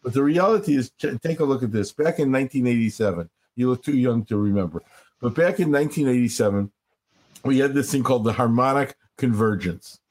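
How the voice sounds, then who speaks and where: An older man, a rabbi, talking earnestly in an interview and slowing down to stress his points as he tells stories. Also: medium pitch, animated, darkish tone. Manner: earnest, storytelling, slows for emphasis. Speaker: rabbi, guest speaker. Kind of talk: reflective interview talk.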